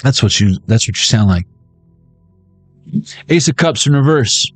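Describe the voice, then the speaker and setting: A man riffing through a tarot reading in a jokey, animated way, his pitch bouncing all over. He keeps popping up into squeaky high voices for gags. The sound is dry and close, with faint music underneath. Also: unhurried, dry recording. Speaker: tarot reader. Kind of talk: comedic tarot reading monologue.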